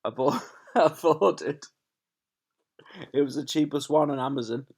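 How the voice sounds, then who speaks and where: A teacher sits on the sofa in his living room, chatting with his pupils before reading them a storybook, with a camera set up in front of him. His voice is a little high, mellow and slightly breathy, and he speaks at a measured pace. He's chatty and often laughs at himself.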